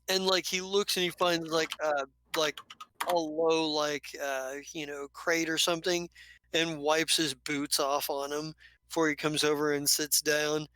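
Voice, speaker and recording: Rambling game master narrator; bright, forceful tone, dry close mic. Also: mid-range voice, smooth, no room sound. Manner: rambling, loose, lots of fillers.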